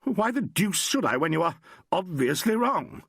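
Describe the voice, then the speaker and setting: A man's voice: on the low side, big pitch swings, normal speed, slightly rough, no room sound, studio quality, heavily acted. A man doing a blustering, peevish traveller. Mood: irritable. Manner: brusque, dismissive. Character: blustering peevish middle-aged male traveller.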